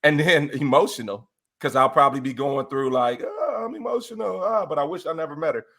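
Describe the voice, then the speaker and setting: A young man chatting casually as a podcast guest, animated, often laughing and breaking into bits of song. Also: a little high, brisk. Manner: animated, exclaims and sings snippets, laughs often.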